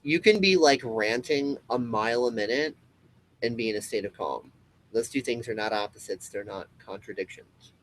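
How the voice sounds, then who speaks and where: Speaking to his viewers on his own web show, a comedy host launches into an impassioned, swearing rant, full of emphatic repetition and frequent restarts. He talks at a moderate pace with a medium-pitched voice, and the recording is rough.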